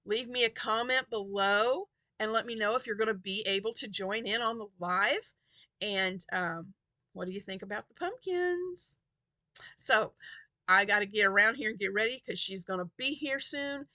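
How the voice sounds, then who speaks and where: A woman vlogger chatting casually about her crochet projects, tired from a short night's sleep and quick to giggle. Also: medium pitch, animated, pushed and bright, dry recording. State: tired and yawning. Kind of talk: casual chat to camera.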